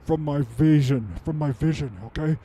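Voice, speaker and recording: A man's voice: fairly high pitch, moderate pace, warm tone. A man playing a goofy adult male superhero who muses aloud in a rambling way and makes his own sound effects, in an improvised comedic monologue.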